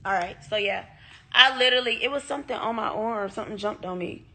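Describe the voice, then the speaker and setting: Woman, casual storytime vlog, candid and animated, swears freely, talks to viewers, mid-pitched voice. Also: quick pace. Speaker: vlogger telling a personal story.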